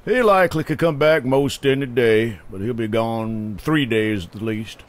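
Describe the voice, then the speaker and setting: An actor playing a blunt, threatening bank guard in a game. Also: male voice, medium pitch, normal speed, close to an everyday voice. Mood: gruff. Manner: blunt, menacing. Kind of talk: game voice acting.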